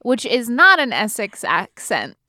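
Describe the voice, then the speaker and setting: Woman, podcast co-host, bright voice, dry close sound, chatty, rambling. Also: on the high side, wildly swooping pitch, measured pace, no room sound. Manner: chatty, self-doubting, rambling questions. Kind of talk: casual chat.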